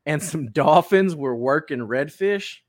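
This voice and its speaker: A man's voice: on the high side, unhurried, no room sound, studio quality. A man co-hosting a podcast in casual chat, telling stories with lots of energy and laughter. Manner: animated storyteller, laughs often. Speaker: podcast co-host.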